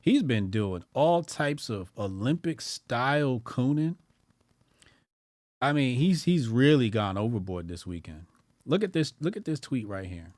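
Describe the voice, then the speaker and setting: A man hosting a livestream in a casual, slangy, profane way, chatting straight to his viewers. His voice sits at an ordinary middle pitch and keeps jumping from loud excitement to quiet mumbles. The sound is close and dry, with no room echo. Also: measured pace. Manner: loose and animated, swings between loud excitement and low mumbling. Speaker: streamer and news commentary host.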